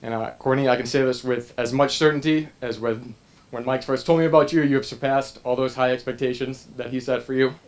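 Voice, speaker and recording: A young man giving a heartfelt best man's toast at a wedding, earnest and halting, with frequent pauses and restarts. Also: medium pitch, steady tone.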